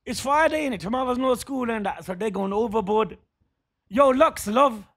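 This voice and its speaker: A man's voice: very high voice, animated, moderate pace, a bit bright. A man, a father, streaming a game and chatting with viewers in laid-back slangy banter. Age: adult father. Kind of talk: casual livestream chat.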